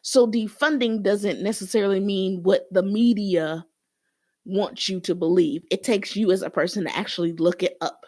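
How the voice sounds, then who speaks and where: Woman, podcast guest, mid pitch, earnest, persuasive, dry close sound. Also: steady tone, normal speed, darkish tone, no echo. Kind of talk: faith-based podcast chat.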